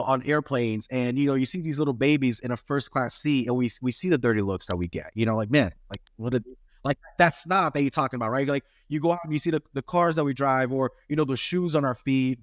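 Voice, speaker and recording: A man's voice: on the high side, no echo, studio quality. A man in his thirties hosting a podcast interview, talking earnestly and preaching a little, tagging his points with "right?". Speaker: podcast host. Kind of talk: casual interview chat.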